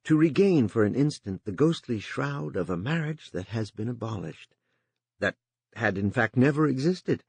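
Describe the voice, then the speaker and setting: A man with a low, husky voice narrates a science fiction novel. His telling rises and falls with lively, expressive pitch. The sound is close and dry. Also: dry recording. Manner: expressive, voices every character. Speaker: audiobook narrator. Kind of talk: scripted audiobook narration.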